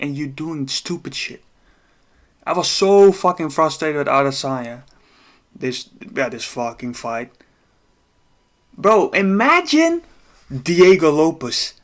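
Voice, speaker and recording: A man breaking down a fight in a casual, profane rant, exasperated and laughing at times. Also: on the high side. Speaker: MMA commentator.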